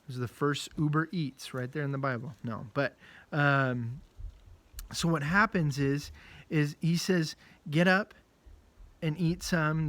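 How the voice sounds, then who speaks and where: A man, a children's pastor, telling a Bible story in a lively, casual and joking way. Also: on the high side, dry recording.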